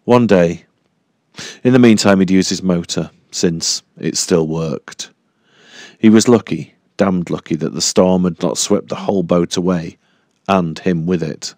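A man reading a horror audiobook in a measured, deliberate storytelling manner. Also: deep voice, a little mellow, no echo, studio quality. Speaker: audiobook narrator. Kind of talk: scripted horror narration.

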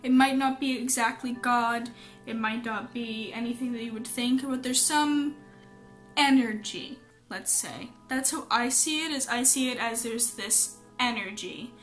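A young woman talking casually to camera from her home office, halting with many ums and holding back tears as she speaks. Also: a little high, soft background music. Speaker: vlogger.

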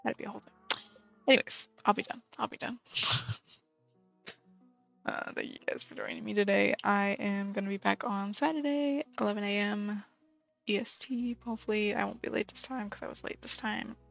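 A game streamer talks fairly quickly in a creaky, mid-range female voice, chatting casually, muttering to herself and now and then whispering. Faint game music plays in the background of the slightly muffled, lo-fi recording.

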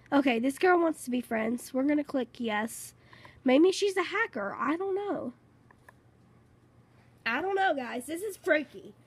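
A woman giving casual gameplay commentary, excitable and rambling, repeating herself a lot. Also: high voice, dry recording. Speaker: gaming channel host.

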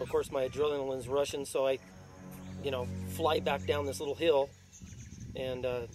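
A man's voice: fairly high pitch, noisy background. A man casually telling the story of his rattlesnake bite in an interview, rambling with many fillers. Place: outdoors in the desert.

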